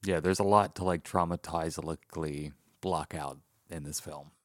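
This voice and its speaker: A man with a very low voice on a comedy podcast, rattling through a film's plot in a wry, sarcastic way. The sound is close and dry, with no room around him. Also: steady tone, measured pace, dry recording. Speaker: podcast co-host. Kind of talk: casual comedic movie review chat.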